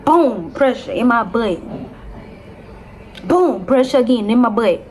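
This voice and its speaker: Animated young woman telling a storytime. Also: on the high side, measured pace. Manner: animated, dramatic retelling with constant "y'all". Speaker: vlogger. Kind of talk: casual storytime to viewers.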